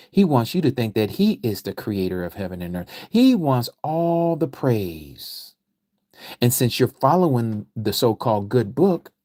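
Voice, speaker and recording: A man teaching a livestreamed scripture lecture, preaching emphatically and repeating phrases, his voice swinging from quiet to loud. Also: mid-range voice, dry recording, clean studio sound. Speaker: Bible study teacher.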